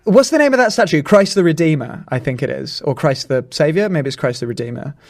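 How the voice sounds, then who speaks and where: Playful young Englishman, slightly high voice. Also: expressive, brisk. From England. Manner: rambling, playful, laughs often. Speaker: podcast co-host. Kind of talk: casual chat.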